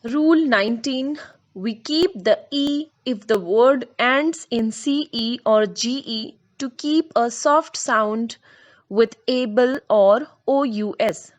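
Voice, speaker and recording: A woman teaching spelling rules, speaking slowly, repeating herself and spelling out letters one by one. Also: a little high. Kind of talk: explaining spelling rules to learners.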